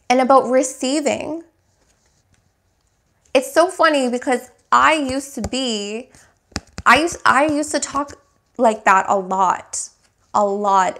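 Woman tarot reader, spiritual talk, slow deliberate pace, slightly high voice, emphatic repeated affirmations. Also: fairly bright tone. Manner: searching for words.

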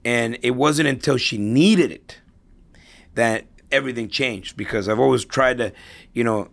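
Gravelly and a bit bright, this middle-aged man's medium-pitched voice moves at a measured pace. As a guest on a podcast, he tells stories in a relaxed interview, often stumbling back over and repeating words.

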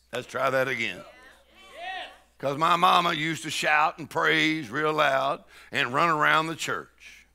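A man preaching a sermon to a live church crowd. He tells folksy stories with jokes, and he laughs and shouts to lead the congregation in rejoicing. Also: a little high, takes it slowly, vocal fry, noisy background.

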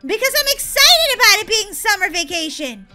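An excitable young girl, as a woman plays her in a game role-play, chatty and giggly, talking to herself as she bounces around. The voice is high, sharp and very bright, with lively ups and downs. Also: normal speed, faint music behind, full character voice. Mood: excited. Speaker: roleplay gamer.

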